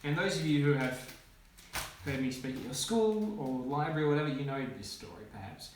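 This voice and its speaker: A man, a children's author, reading his own picture book aloud with playful, animated commentary and sound effects. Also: on the high side, a little fast. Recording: echoey room, faint noise.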